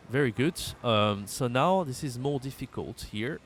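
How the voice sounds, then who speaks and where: A man with a French accent, a native French speaker, teaching a language lesson, thinking aloud with hums and self-corrections and repeating phrases slowly for learners. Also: medium pitch, expressive, slight background noise.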